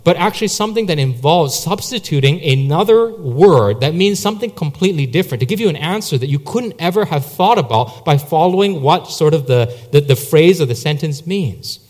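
A man delivers a sermon in an easy, storytelling way, full of asides and fillers. His pitch moves around a lot as he talks. The voice carries a long hall reverb. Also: expressive, a little fast, hardly any pauses, a little mellow. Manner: anecdotal, conversational with many fillers. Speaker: preacher.

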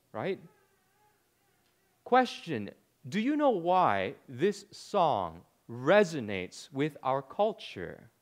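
A man in his thirties delivers a sermon with a lively, fairly high voice that rises and falls freely. He leans on rhetorical questions and a dry, sarcastic edge to drive his points home. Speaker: pastor.

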